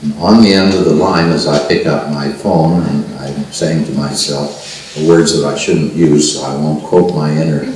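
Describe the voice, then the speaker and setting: An older man telling a personal story to a seminar group, halting and restarting often. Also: very deep voice, fairly even intonation, darkish tone, slight background noise. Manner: halting, with frequent restarts and fillers. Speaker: seminar speaker. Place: meeting room at a spiritual center. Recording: roomy archival recording from far off.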